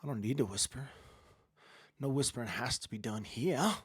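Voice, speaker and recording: A man's voice: mid-range voice, lively intonation, normal speed, breathy edge, no echo, clean studio sound. Chatty rambling man hosting a livestream. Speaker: livestream host. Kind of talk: casual livestream chat. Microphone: webcam or phone camera at close range.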